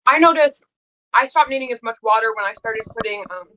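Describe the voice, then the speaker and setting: A woman's voice: fairly high pitch, fairly quick, bright, forceful tone, slight background noise, poor audio. A woman co-hosting a podcast, talking casually and emphatically, repeating her points with plenty of "like". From United States. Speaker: podcast co-host. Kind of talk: casual chat.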